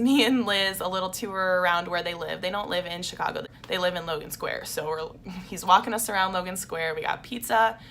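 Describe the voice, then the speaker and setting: A woman's voice: medium pitch, gravelly, bright, forceful tone, a little hiss or hum. A young woman telling a story in a casual vlog, chatty and openly emotional, with lots of "like". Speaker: vlogger.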